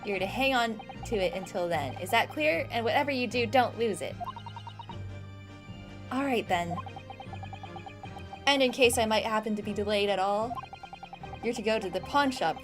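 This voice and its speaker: A woman's voice: mid-range voice, lively intonation, normal speed, long pauses, close to an everyday voice. A woman voicing a scheming middle-aged Irish man who gives menacing orders, with a put-on Irish accent and game music behind. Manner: commanding, threatening.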